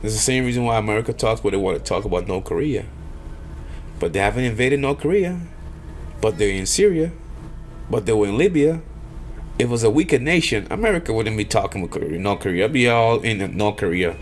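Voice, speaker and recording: A man's voice: lowish voice, expressive, brisk, faint music behind. A man delivering an emphatic monologue, lecturing and firing off rhetorical questions. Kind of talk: emphatic monologue on power politics.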